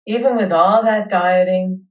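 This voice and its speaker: A woman hosting a webinar, leading listeners through a guided tapping session with slow, soothing affirmations. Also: medium pitch, steady tone, distant mic, highs cut off.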